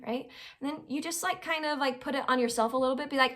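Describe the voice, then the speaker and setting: Woman with a slightly high voice, teaching life skills in a chatty, conversational way. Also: a little fast. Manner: conversational, keeps checking in with "right?" and "all right?"; acts out quoted people in lively little voices. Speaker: advice host. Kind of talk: informal life-skills lesson.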